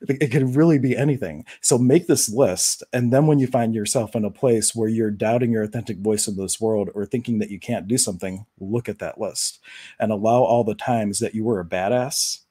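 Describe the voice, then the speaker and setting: A man hosts a live stream and talks casually to his viewers, wandering from story to story with plenty of fillers. His voice sits low and sounds mellow and dark. The recording is dry and close. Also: normal speed, slightly rough, no echo. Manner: relaxed, conversational, rambling with fillers. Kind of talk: casual spiritual talk to viewers.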